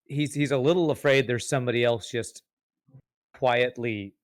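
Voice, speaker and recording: A man's voice: medium pitch, normal speed, no room sound, studio quality. A man playing a tabletop game, talking casually and hesitantly with many restarts. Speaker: player.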